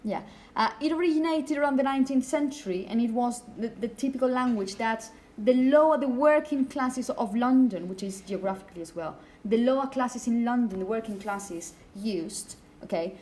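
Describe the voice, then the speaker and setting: A woman's voice: on the high side, moderate pace, hardly any pauses, darkish tone, poor audio. Woman teacher lecturing a class. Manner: explanatory, asks the class questions.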